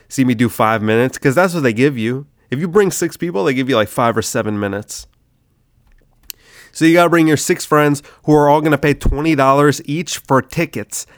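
A man's voice: medium pitch, dry recording, clean studio sound. A sick man hosting his comedy podcast, rambling loosely with swearing and lots of "dude". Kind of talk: casual rambling monologue.

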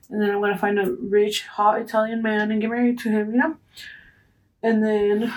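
A woman's voice: medium pitch, a little mellow, low-quality recording. A young woman hosting a casual solo podcast, chatty and rambling, poking fun at herself and dropping in the odd Spanish phrase. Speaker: podcast host.

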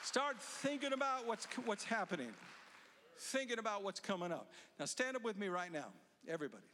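Middle-aged male pastor with a high voice, preaching emphatically in a big sanctuary. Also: very animated, brisk, a faint crowd, a little hiss or hum. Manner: emphatic preaching, building to loud exhortation. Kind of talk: sermon. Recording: long church hall reverb.

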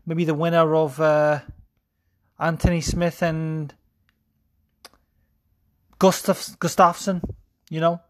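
A man's voice: on the high side, little pitch movement, takes it slowly, pauses often. A podcast host doing a casual fight recap in a put-on Scouse accent, mocking his own attempt. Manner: putting on a mock Liverpool accent, self-mocking.

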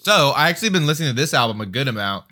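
Bright-voiced young man, rambling chat. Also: medium pitch, very animated, very fast. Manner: loose, rambling, with frequent restarts. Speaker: podcast co-host. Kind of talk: casual chat.

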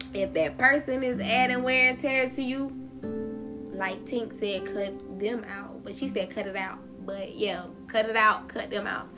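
A candid woman hosts her own podcast, talking straight to her listeners with a loose, profane delivery where the words run together. Clear plucked guitar music plays behind her throughout. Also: medium pitch, fairly bright tone. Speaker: podcast host. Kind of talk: casual solo podcast monologue.

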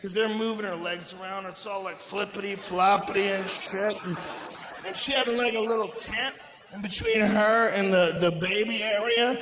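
High-pitched shouting middle-aged comedian. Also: male voice, steady tone, normal speed. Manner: loud, profane, shouting storytelling. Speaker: stand-up comedian. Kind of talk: stand-up comedy routine. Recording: echoey venue with audience noise.

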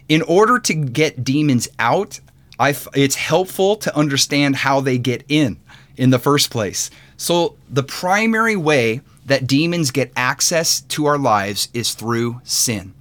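A man's voice: mid-range voice, expressive, a little slow, a bit bright. A man teaching in a podcast sermon, earnest and conversational, with many fillers and restarts. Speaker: podcast host and preacher.

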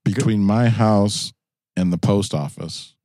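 A low-pitched man with a New York accent gives dry, wry answers in casual conversation. His tone is mellow and dark, recorded close and dry. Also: dry recording. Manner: dry, wry, measured replies. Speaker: podcast co-host. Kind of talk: casual chat. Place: in a car.

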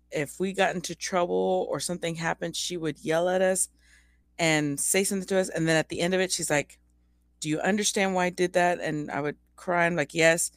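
A woman's voice: low voice, dry recording. A woman co-hosting a casual faith podcast, talking earnestly and telling stories with many restarts. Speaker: podcast co-host.

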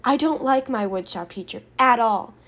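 A woman with a natural, fairly high voice plays an earnest, emotional teenage schoolgirl who is hard of hearing. She speaks at a normal speed.

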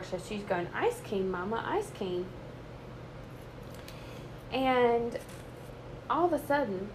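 Folksy woman, chatty encouragement. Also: mid-range voice. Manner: chatty, folksy, addresses listeners as y'all. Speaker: Christian vlogger and mother. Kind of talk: casual faith-based encouragement and storytelling. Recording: steady background noise.

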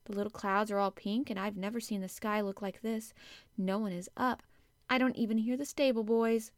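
A woman voicing a sharp, curious little girl in an audiobook. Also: medium pitch, steady tone, moderate pace, dry recording, studio quality, close to an everyday voice. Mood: excited. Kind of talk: audiobook character voice.

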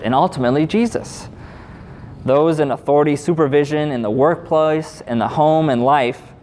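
A man in his thirties preaching a sermon as pastor, in a conversational, animated way with casual asides. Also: medium pitch. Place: church sanctuary. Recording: long hall reverb, faint background noise.

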